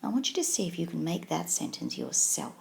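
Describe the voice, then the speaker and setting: Woman, tutorial teacher, a touch low and gravelly, patient and encouraging. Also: huge pitch swings, a little mellow. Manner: patient, encouraging, slow and clear explanations. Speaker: Japanese language teacher. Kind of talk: scripted video tutorial lesson.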